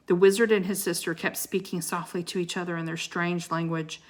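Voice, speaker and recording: A woman reading a children's book aloud with dramatic expression, pausing to show the pictures. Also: on the low side, flat delivery. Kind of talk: expressive read-aloud storytelling.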